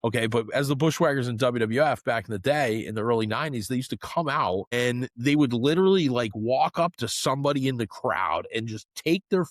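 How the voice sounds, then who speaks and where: A middle-aged man co-hosting a podcast, telling stories in an animated way and often saying "man" and "dude". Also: mid-range voice, fairly quick, few pauses, dry recording, studio quality. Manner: animated storyteller, swears, says "man" and "dude" a lot. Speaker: podcast co-host. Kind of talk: casual chat.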